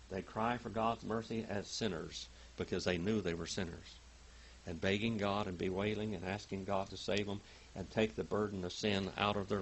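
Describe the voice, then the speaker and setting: A man's voice: deep voice, creaky, a little hiss or hum. An older man teaching a Bible class, telling stories dramatically and reading Greek aloud word by word. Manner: dramatic, emphatic storytelling with big swings in loudness.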